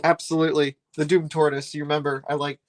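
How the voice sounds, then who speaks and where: A man's voice: a little high, little pitch movement, fast talker. A man streaming live while he builds a set, rambling and chatty, complaining with a laugh.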